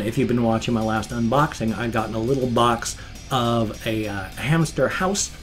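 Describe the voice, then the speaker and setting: A middle-aged man chatting casually in his daily home vlog, rambling from one topic to the next. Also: mid-range voice. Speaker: vlogger.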